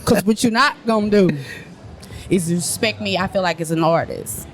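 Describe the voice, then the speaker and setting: A woman's voice: medium pitch, moderate pace, a crowd in the background. A woman poet and comedian from Houston, a guest in a casual chat, telling stories bluntly with plenty of profanity. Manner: blunt, profane, emphatic storytelling.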